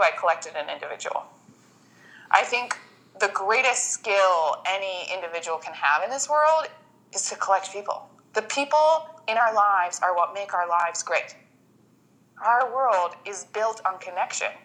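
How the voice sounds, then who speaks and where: Her voice mid-range, bright and forward, a woman guesting on a podcast recounts her story emotionally in relaxed interview conversation. She voices herself and other people in acted-out quotes, and the audio is poor.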